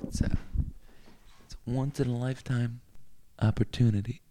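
A man rambling through a crude comic monologue, cursing freely and swinging into loud rants. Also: mid-range voice, flat delivery, moderate pace, slight background noise.

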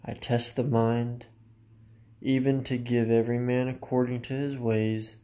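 A man's voice: medium pitch, little pitch movement, a little slow, warm tone. A man preaching a sermon in an earnest, direct way, often addressing listeners as his friend.

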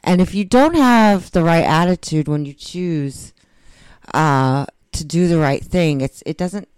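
A woman's voice: low voice, animated, measured pace, darkish tone, clear, resonant tone, no room sound. A woman talking earnestly and a bit rambling in a casual recovery chat, often restarting her sentences.

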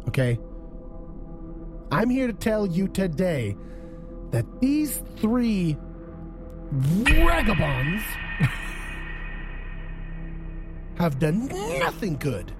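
A man's voice: high voice, pitched above the performer's own voice. A man voicing a frantic, indignant male dwarf defense attorney who blusters and repeats himself.

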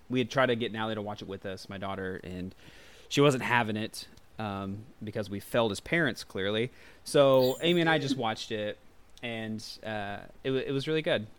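Man in his thirties, podcast co-host, laid-back, rambling with ums, smooth clear voice. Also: fairly low pitch. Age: 30s. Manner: easygoing, rambling with many ums and uhs. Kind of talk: casual chat.

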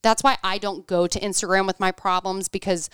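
A woman's voice: mid-range voice, fairly even intonation, fairly quick, a bit bright, smooth, no room sound, clean studio sound. A woman in her thirties in casual chat, telling a story animatedly, acting out quotes and saying "like" a lot.

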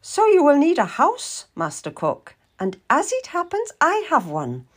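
A commanding, ailing old noblewoman in an audiobook, her voice pitched high and lilting. A woman reads her slowly and grandly, every line an order. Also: huge pitch swings, exaggerated voice. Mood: imperious. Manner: commanding, haughty.

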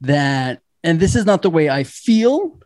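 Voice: medium pitch, very animated, unhurried, darkish tone. A podcast co-host, talking candidly in casual chat, swearing freely and laughing often.

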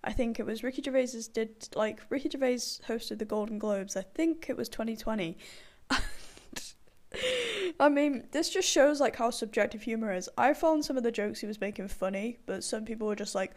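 A woman's voice: on the high side, a little fast, a little mellow. A young woman rambling in a casual chat, full of fillers and frequent laughter. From partially Irish background.

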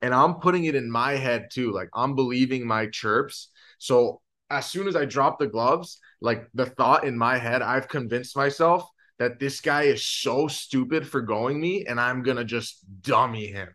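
A man hosting a casual podcast, telling stories in an animated way and laughing easily. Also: medium pitch, measured pace, few pauses. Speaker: podcast host, former hockey player.

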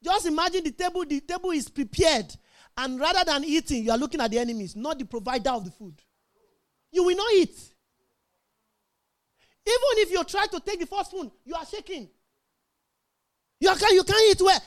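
A middle-aged woman preaching a sermon, emphatic and calling out to her congregation. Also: extremely high pitch. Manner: emphatic, call-and-response with congregation.

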